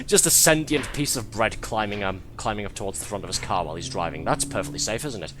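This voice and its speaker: A man streaming a game live, talking in a lowish voice that swings up and down a lot as he jokes. His commentary is wry and sarcastic, and he laughs often. Faint game music plays behind him. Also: expressive, fast, hardly any pauses.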